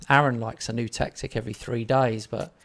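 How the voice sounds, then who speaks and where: Gravelly, chatty live-stream host man. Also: medium pitch, moderate pace. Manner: chatty, rambling, self-mocking. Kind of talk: casual gaming live-stream chat.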